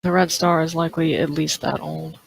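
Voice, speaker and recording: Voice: mid-range voice, fairly even intonation, moderate pace, gravelly, slight background noise, poor audio. A player speaking in character during a tabletop role-play, hesitant and thinking aloud with small laughs.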